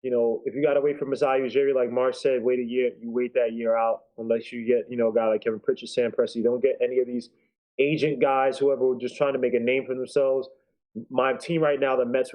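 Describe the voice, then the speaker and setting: A man's voice: mid-range voice, mellow, poor audio. A man co-hosting a casual sports talk show, joking and bantering loosely. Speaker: co-host, fan commentator. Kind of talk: casual chat.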